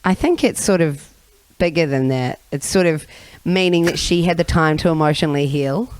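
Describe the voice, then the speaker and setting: A man guesting on a podcast, bubbly and quick to laugh. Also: on the high side, a little hiss or hum, poor audio. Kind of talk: casual chat.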